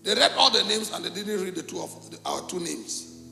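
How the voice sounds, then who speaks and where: A middle-aged pastor from Cameroon, preaching a sermon and telling a story with animated, acted-out dialogue in a gravelly voice. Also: male voice, high-pitched, a little fast, over music. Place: church hall. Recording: echoey church hall.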